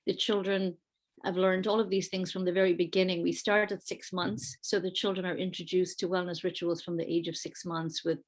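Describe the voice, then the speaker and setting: A woman's voice: on the low side, little pitch movement, a little fast. A woman, an early-years school leader, giving an earnest, conversational presentation with slides over a video call, with fillers and restarts. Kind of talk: online panel presentation with slides.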